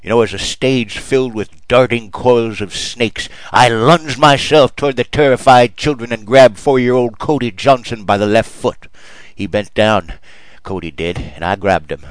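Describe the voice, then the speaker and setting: A man's voice: mid-range voice, no echo, low-quality recording. A man preaching a mock sermon in a storytelling manner.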